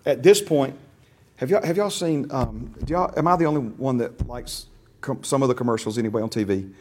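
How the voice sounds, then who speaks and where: A man's voice: mid-range voice, a little fast, a little mellow, a little hiss or hum. A man teaching a Bible class in a casual way, often repeating words and quizzing his listeners.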